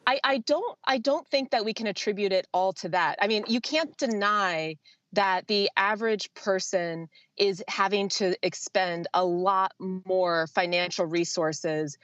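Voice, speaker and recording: A woman in her thirties, an economist guest, explaining her view in a measured, thoughtful way. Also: mid-range voice, fairly bright tone, dry recording, lo-fi sound. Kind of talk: talk show interview.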